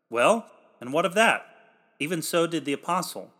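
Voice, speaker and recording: A man delivering a read sermon in old-fashioned, formal pulpit language, emphatic and growing louder on the exhortations. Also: on the high side, sing-song, moderate pace. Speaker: preacher.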